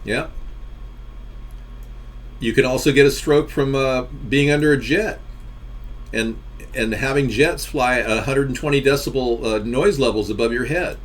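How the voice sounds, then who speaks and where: A man's voice: mid-range voice, normal speed, pauses often. A man hosting a casual live stream, rambling and joking as he reacts to viewers' chat comments.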